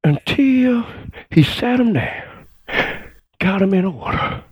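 High-voiced male pastor preaching. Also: sing-song, breathy edge, dry recording, lo-fi sound. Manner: preaching with shouted exclamations and call-and-response; drawn-out emphatic phrases. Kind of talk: sermon.

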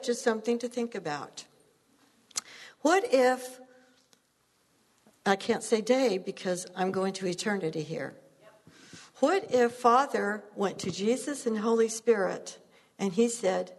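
Husky woman preaching in a reverberant hall. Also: fairly high pitch, a little slow, long pauses. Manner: earnest, storytelling, laughs at herself. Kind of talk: sermon.

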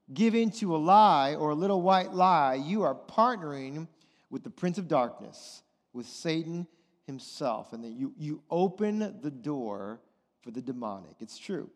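A man preaching a sermon, animated and conversational, often putting questions to his listeners. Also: a little high, long reverb tail. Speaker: pastor.

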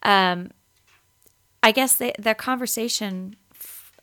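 A woman's voice: medium pitch, slow, sharp tone. A woman co-hosting a podcast in casual chat, laughing often and rambling, a bit short of breath after an infection. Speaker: podcast co-host.

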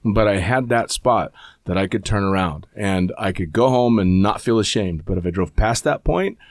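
A man's voice: on the low side, moderate pace, no room sound, studio quality. A man hosting a casual podcast, swearing freely in a laid-back way. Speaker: podcast host.

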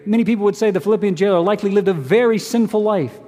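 A man's voice: sits high, racing, warm tone. A man preaching a sermon as pastor, earnest and emphatic, asking rhetorical questions. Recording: long hall reverb.

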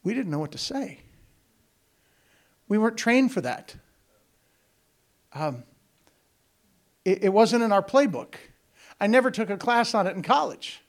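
High-voiced man telling a church story. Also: lively intonation, a little slow, pauses often. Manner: folksy, joking, digressive, addresses the congregation directly. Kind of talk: storytelling sermon.

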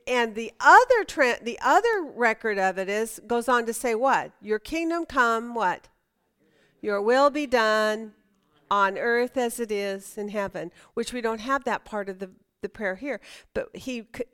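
A woman's voice: a little high, a bit bright, clean tone. A middle-aged woman leading a Bible study lesson, talking conversationally, asking the class questions and often restarting her sentences.

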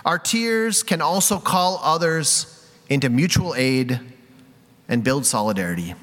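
A man's voice: fairly high pitch, expressive, unhurried, fairly bright tone. A man preaching a conversational sermon, candid and self-deprecating, with many casual fillers. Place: church sanctuary. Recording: reverberant hall.

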